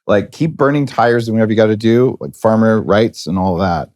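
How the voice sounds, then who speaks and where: A middle-aged man hosting a podcast interview, talking in a rambling, enthusiastic, animated way. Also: fairly low pitch, a little fast, no echo, clean studio sound. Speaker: podcast host. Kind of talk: casual interview chat.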